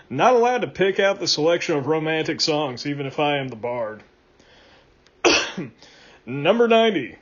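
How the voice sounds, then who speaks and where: Deadpan male list reader, fairly high voice, muffled lo-fi sound. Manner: deadpan, dropping low at each punchline. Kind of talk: comedic list reading.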